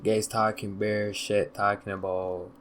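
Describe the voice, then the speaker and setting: A man's voice: fairly low pitch, flat delivery, measured pace, fairly bright tone, slight background noise. Rambling young man telling a story. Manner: loose, slangy, rambling with filler "da, da, da". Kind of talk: casual storytime monologue.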